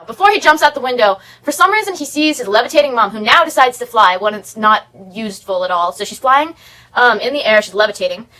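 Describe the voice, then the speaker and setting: A woman vlogger rattles through a movie recap at a very quick clip, her voice bright and sharp. She sounds sarcastic and exasperated, rambling from one complaint to the next in casual commentary. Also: high voice, animated, a little hiss or hum, rough recording.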